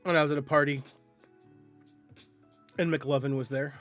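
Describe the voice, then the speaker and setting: A male streamer talking loosely to his chat while he plays, teasing viewers and stumbling over words he can't pronounce. His voice sits a touch high for a man. Faint music runs quietly behind him. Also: steady tone, moderate pace. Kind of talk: casual live-stream chat while gaming.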